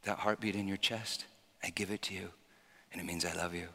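Guy preaching, yells then goes quiet, bright voice, big echoey hall. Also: low voice, fairly even intonation, a little fast. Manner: swings from shouting to hushed, emphatic. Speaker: pastor. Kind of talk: sermon.

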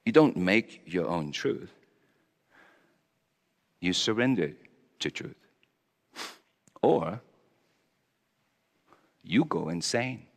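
A man's voice: low-pitched, very animated, very slow, vocal fry, long pauses, in a large hall, full character voice. A man playing Pontius Pilate as a conflicted Roman governor, speaking a stammering, confessional monologue in character. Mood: brooding. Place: church hall.

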